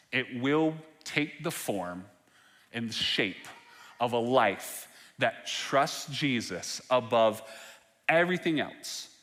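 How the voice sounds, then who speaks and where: A pastor preaching in a reverberant hall. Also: male voice, mid-range voice, a bit bright. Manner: preaching with rising intensity and humor. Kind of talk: sermon. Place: church sanctuary.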